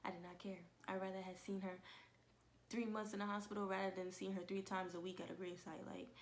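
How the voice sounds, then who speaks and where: A young woman vlogging at home, telling an emotional personal testimony in a casual way and often dropping into soft whispers. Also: medium pitch, flat delivery, fairly quick, slight background noise.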